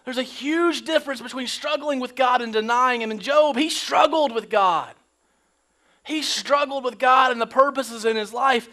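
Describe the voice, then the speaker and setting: A man's voice: very high voice, moderate pace, bright, forceful tone. A man preaching a casual, joking sermon in church, slipping into slangy quoted voices. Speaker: pastor. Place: church sanctuary.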